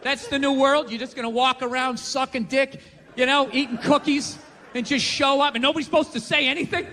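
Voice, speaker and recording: Male stand-up comic, profane ranter, high and sharp, shouts his punchlines, live stage reverb. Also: fairly even intonation, a little fast, a faint crowd, a little hiss or hum. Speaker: stand-up comedian. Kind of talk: stand-up comedy routine.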